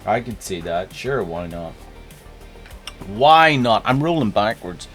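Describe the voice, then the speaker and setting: A man's voice: lowish voice, big pitch swings, slow, a bit bright, faint music behind. A man with a Northern Irish accent hosting a live stream, chatting casually and greeting viewers by name. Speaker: streamer host.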